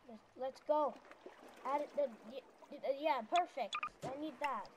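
A high-pitched woman talks her way through a video game, stammering and breaking into yells at enemies. Loud game sound plays under her voice the whole time. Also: measured pace, background noise. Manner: excitable, stammering, yelling at enemies. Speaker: gameplay narrator. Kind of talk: let's-play commentary.

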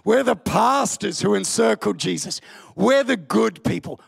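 High, gravelly preacher. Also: male voice. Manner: impassioned, bursts into shouting. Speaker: pastor. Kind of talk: sermon. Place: church hall.

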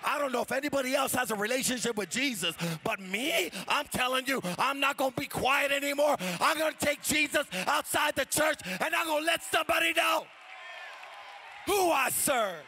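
A male pastor preaching an impassioned sermon, shouting and chanting in a sing-song cadence with repeated phrases. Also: extremely high pitch, normal speed, a little hiss or hum.

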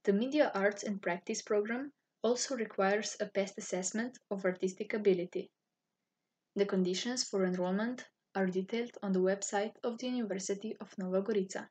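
Woman, English, husky breathy tone, formal scripted narration. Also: mid-range voice, fairly quick. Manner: formal, even-toned reading. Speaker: university student office staff.

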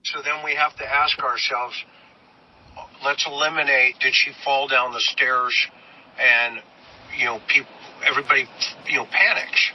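A man's voice: medium pitch, flat delivery, measured pace, pauses often. A man asking tentative, probing questions as the interviewer. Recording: dull, lo-fi interview audio with faint noise.

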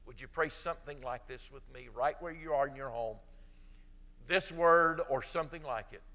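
A middle-aged man preaching a sermon as pastor, swinging from loud emphatic peaks to soft pleading, and leading an altar-call prayer. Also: medium pitch, moderate pace, in a large hall.

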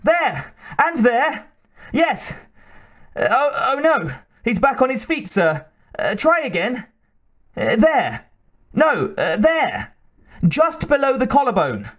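A man doing a shrill frantic servant. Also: wildly swooping pitch, slow, pauses often, a bit bright, heavily acted. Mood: frantic cheering. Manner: shrill, breathless cheering. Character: frantic excitable male servant, bloodthirsty.

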